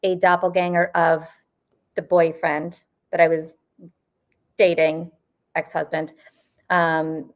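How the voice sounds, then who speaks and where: A woman in her fifties from the US Northeast, a paranormal investigator telling stories in a casual interview, rambling with lots of fillers and quick laughs. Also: low-pitched, flat delivery. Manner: rambling, full of "you know" and "like", laughs often.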